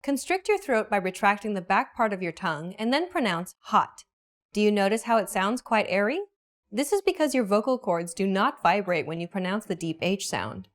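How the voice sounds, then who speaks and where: A woman's voice: mid-range voice, lively intonation. Woman narrating a pronunciation lesson. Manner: clear, explanatory, measured. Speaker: pronunciation teacher. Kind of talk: scripted instructional narration.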